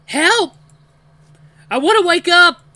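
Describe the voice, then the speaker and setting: A man doing a panicked, squeaky-voiced captive. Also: huge pitch swings, moderate pace, fairly bright tone, dry recording, exaggerated voice. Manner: high panicked squeaky cries. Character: frightened young human captive, panicked.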